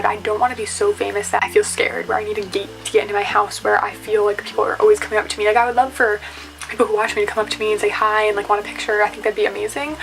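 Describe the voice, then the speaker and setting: A woman's voice: on the high side, fairly bright tone, poor audio. A young woman chatting on camera in her bedroom, answering get-to-know-me questions in a chatty, giggly way full of "like". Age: young adult. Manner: chatty, quick and giggly, with frequent "like". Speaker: YouTuber. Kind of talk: casual Q&A vlog.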